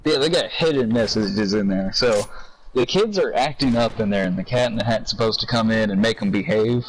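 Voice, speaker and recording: A man's voice: fairly low pitch, a little fast, a little hiss or hum, low-quality recording. A man chatting casually with a friend while gaming, retelling film scenes animatedly with lots of fillers. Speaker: gamer friend.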